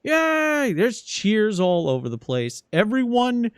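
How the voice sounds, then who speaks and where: A man narrating a tabletop game as game master, in a casual, unhurried storytelling manner. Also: medium pitch, expressive, dry recording, studio quality.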